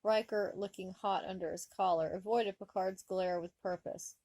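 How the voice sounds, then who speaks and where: A woman reading fan fiction aloud, with expressive comic narration. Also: mid-range voice, moderate pace, no room sound. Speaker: story reader.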